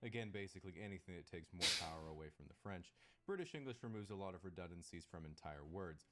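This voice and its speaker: A man with a Pacific Northwest American accent, delivering scripted comedic narration in a dry, deadpan way. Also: low voice, quick pace, very noisy.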